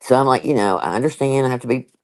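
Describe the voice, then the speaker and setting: Racing along in an extremely low voice, an older woman hosts a casual live chat. She's emphatic and chatty, laughs often and keeps going off on asides. The audio is poor.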